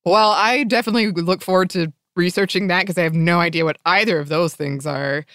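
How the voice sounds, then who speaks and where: A woman's voice: lowish voice, a little fast, a bit bright, no room sound, clean studio sound. A woman co-hosting a podcast in easygoing casual chat, laughing often. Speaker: podcast co-host.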